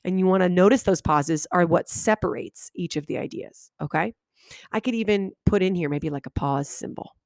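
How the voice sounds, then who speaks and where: Animated woman teacher with a dry sound. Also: on the low side, gravelly, no room sound. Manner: animated, reads examples aloud with exaggerated pauses. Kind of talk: video lesson for students. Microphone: webcam microphone.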